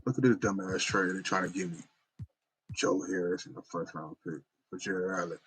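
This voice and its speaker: A man's voice: low-pitched, steady tone, normal speed, husky, poor audio. A man giving casual, slangy gameplay commentary and talking straight to his viewers as a gaming YouTuber. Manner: laid-back, slangy, talks straight to viewers.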